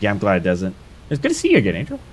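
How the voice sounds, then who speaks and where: A man's voice: lowish voice, rapid-fire, slight background noise. A young man streaming a game live, hyping up his fights and chatting casually with viewers. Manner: excitable, hyped shouts while fighting.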